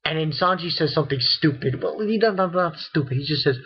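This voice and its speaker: Husky-voiced man rambling through a recap. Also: a little high. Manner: rambling, repeats fillers like "you know"; acts out characters' lines in quick bursts. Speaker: anime reviewer. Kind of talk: casual episode recap. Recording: dull lo-fi home recording.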